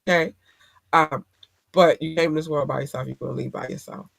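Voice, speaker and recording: Blunt, profane man, slightly high voice. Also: fairly even intonation, a little fast, vocal fry, a bit bright, dry recording. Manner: blunt, profane, preachy advice-giving. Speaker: podcast host. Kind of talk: casual podcast monologue.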